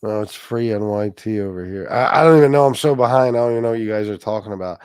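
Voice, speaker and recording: Speaking fast in a fairly low, darkish yet clean voice, a livestream host chats crudely with his viewers. He reads their donations and frequently restarts his sentences. The audio is studio quality, with no room sound.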